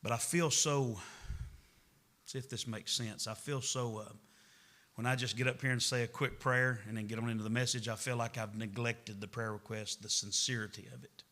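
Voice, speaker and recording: A man's voice: mid-range voice, fairly even intonation, moderate pace, pushed and bright. A middle-aged man, a pastor preaching a Wednesday night sermon in a church, folksy and conversational, rising to emphatic preaching. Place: church sanctuary.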